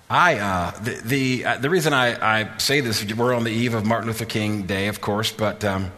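A man preaching a sermon as a pastor, moving from soft, halting talk to loud, rising preaching. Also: on the low side. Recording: long hall reverb.

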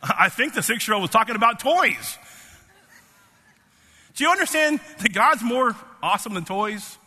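A man in his fifties preaches a sermon in a very high, piercingly bright voice, tearful and fervent and stumbling over repeated words. His voice rings out with a long echoing reverb, as in a large hall. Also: big pitch swings, normal speed, slightly rough. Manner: emphatic, repeats words, rising to fervent pitch.

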